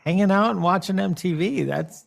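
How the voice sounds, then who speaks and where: A man's voice: sits high, a little fast, vocal fry. A man guest chatting casually, easygoing and rambling, laughing along. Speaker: guest, program director. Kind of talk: casual chat.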